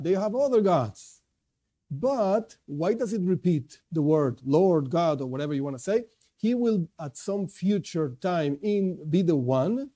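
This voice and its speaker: High, bright-voiced man teaching a religious class. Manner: conversational, restarts often, asks and answers his own questions. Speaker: Jewish teacher. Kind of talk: informal Torah class.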